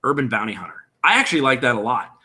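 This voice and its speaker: Talking fast in a sing-song, medium-pitched voice that is pushed and bright, a streamer builds a game character live. He rambles casually through character creation, thinking aloud and answering viewer chat, from a room at home with window blinds.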